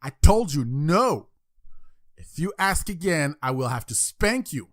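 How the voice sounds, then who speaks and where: A man's voice: medium pitch, slow pace, fairly bright tone. A man with a French accent voicing a stern, tired father in a told joke. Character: stern tired father putting son to bed.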